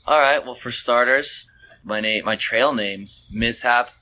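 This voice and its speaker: A man's voice: medium pitch, unhurried, pushed and bright. A man from San Diego, a hiker chatting casually and easygoing, laughing often. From San Diego, California. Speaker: trail correspondent's guest, hiker. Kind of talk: casual chat.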